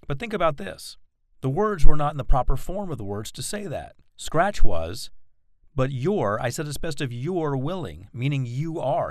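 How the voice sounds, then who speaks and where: A man teaching a recorded self-help course, explaining techniques in a measured way and stressing key words. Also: mid-range voice, no echo, studio quality. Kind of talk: recorded audio lesson.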